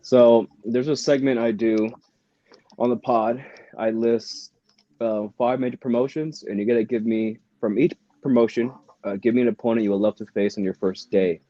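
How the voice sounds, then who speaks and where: A man hosting a podcast, asking relaxed questions and giving short replies. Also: mid-range voice, moderate pace, no room sound. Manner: brief affirmations, relaxed questions. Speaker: podcast host. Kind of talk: casual interview. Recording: dry, dull lo-fi audio.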